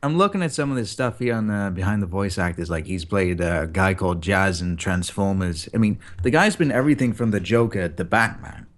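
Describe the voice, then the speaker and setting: A man's voice: sits low, lively intonation, a little fast, few pauses. A man guesting on an interview show, talking animatedly about voice acting and acting out example lines. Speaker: guest voice actor. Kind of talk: casual interview chat.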